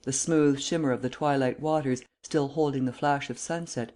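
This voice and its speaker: Male narrator, mellow and soft-toned, measured audiobook delivery. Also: medium pitch. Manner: measured, unhurried storytelling. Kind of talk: scripted narration.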